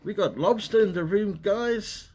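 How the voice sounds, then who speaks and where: A man's voice: sits high, measured pace, darkish tone, a little hiss or hum. A man hosting a casual livestream, chatting in a rambling way and greeting viewers by name. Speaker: livestream host. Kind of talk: casual live chat. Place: at home in Western Australia.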